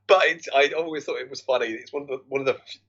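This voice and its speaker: A man co-hosting a casual film discussion podcast, talking in a halting way with frequent restarts. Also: mid-range voice, a bit bright, dull audio. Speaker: podcast co-host.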